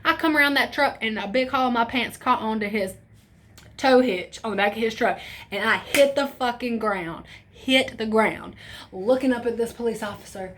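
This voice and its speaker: A young woman telling a story in a casual vlog, animated and profane, acting out quotes with shifts in voice. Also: a little high, moderate pace. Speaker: storytime vlogger.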